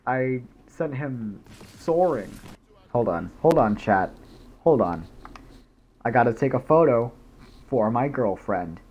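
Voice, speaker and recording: A man's voice: medium pitch, animated, slow pace, pauses often, darkish tone, husky, highs cut off. A young man, a gaming YouTuber, rambling goofily in casual commentary while he plays. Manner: goofy, rambling, jumps into silly voices.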